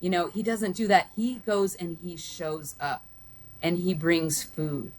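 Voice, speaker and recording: A woman's voice: lowish voice, fairly even intonation, unhurried. A woman talking casually about a film with her son, rambling with many restarts and fillers. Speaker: guest, host's mother. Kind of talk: casual film review chat.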